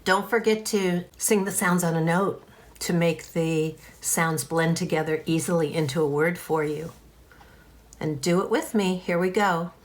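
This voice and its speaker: A woman teaching a kindergarten phonics lesson, speaking clearly and encouragingly and drawing out the sounds. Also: on the low side, steady tone, a little slow. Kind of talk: phonics lesson for young children.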